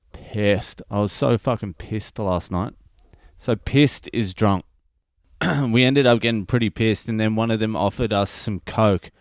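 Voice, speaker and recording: A man's voice: fairly low pitch, dry recording, clean studio sound. A middle-aged Australian man hosting a comedy podcast, telling a listener's story in a sweary, wry monologue.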